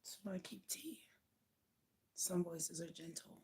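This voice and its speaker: A woman hosting a late-night livestream, talking softly and half-whispered in a raspy, worn-out voice, unhurried and blunt. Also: on the low side. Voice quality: soft, half-whispered talk. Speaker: livestream host.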